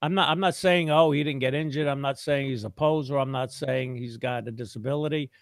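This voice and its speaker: A man's voice: mid-range voice, fairly quick. A man arguing defensively, stammering and interjecting. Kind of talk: argumentative chat.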